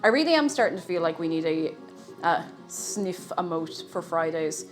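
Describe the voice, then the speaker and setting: A woman's voice: on the low side, expressive, moderate pace, faint music behind. Chatty woman streamer cooking live. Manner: chatty, self-interrupting, playful. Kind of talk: casual live-stream chat while cooking.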